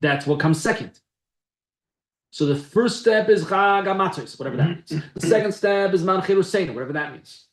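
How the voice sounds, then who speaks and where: In an echoey room, a man with a high voice teaches a text-based Torah class at normal speed. He speaks conversationally, reading Hebrew phrases and then explaining them in English.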